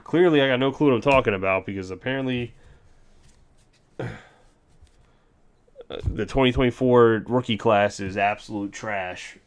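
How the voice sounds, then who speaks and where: Male card-break host, casual livestream chatter, reels off names in rapid lists, sarcastic and ranty between them. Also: medium pitch, smooth. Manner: rattles off player names in quick lists; sarcastic, ranting asides.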